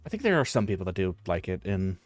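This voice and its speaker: A man's voice: deep voice, sing-song, fast, dry recording, soft background music. A man with a US West Coast accent, chatting casually as a streamer in a rambling way with many fillers and restarts. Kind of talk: casual chat.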